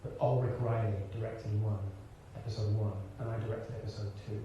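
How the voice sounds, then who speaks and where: This Birmingham-born actor and director, a guest in a live onstage conversation in a big hall, talks a little fast at a fairly low pitch, animatedly telling stories with frequent restarts and laughter. The lo-fi recording is echoey, taken from far away, with hiss underneath.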